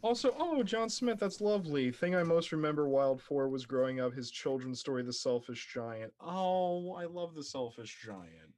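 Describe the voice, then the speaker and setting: A man co-hosting a casual chat, chatty and quick to laugh. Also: on the high side, a little mellow. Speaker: podcast co-host.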